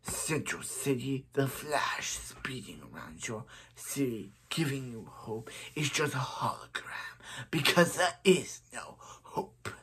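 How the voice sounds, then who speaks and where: A man's voice: mid-range voice, animated, takes it slowly, full character voice. A man doing a whispered menacing speedster villain. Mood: gloating. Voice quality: hushed, breathy menacing whisper. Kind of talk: whispered role-play.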